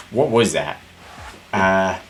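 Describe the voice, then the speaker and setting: A man's voice: low-pitched, expressive, drawn-out words, slight background noise. A man streaming a video game, chatting in a profane, jokey, rambling way. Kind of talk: casual let's play commentary.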